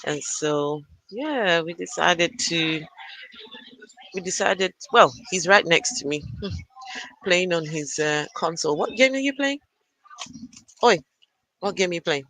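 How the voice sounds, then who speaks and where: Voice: mid-range voice, animated, slow pace, long pauses, pushed and bright, poor audio. An adult parent hosting a casual live stream from a gaming arena computer, chatting and greeting viewers by name. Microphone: arcade computer, no camera.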